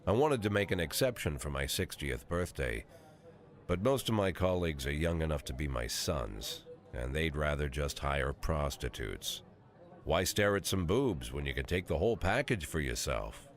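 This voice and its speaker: Casting: a sixty-year-old police chief narrating a game, dry and cynical, with a very low, rumbling voice. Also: male voice, expressive, normal speed. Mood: wry. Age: 60s. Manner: dry, world-weary, crude.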